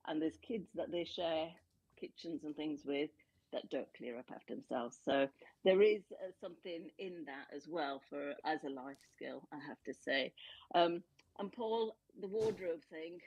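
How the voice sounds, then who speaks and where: Husky low-voiced mum in her 40s, lively and emphatic, dry close sound. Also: unhurried, dry recording, low-quality recording. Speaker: caller. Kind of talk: casual chat.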